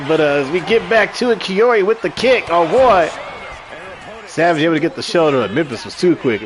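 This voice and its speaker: A man's voice: on the high side, lively intonation, fairly quick, crowd noise, noisy background. A man in his thirties giving loose, joking, profane live commentary on a wrestling stream and chatting with viewers. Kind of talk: casual live commentary with singing and chat replies.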